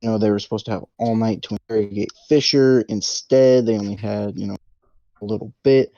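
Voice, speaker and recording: A man's voice: fairly low pitch, fairly even intonation, fairly quick, dark tone, no echo, muffled recording. A man co-hosting a podcast, retelling a movie plot casually and animatedly with sound effects. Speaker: podcast co-host.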